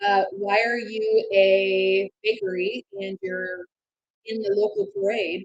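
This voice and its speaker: A woman chatting casually and telling stories with plenty of life, slipping into quoted voices as she goes. Her voice sits at an ordinary pitch. The room around her is echoey. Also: takes it slowly, creaky, highs cut off. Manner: lively storyteller, acts out quoted lines. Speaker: co-host. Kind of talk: casual podcast chat.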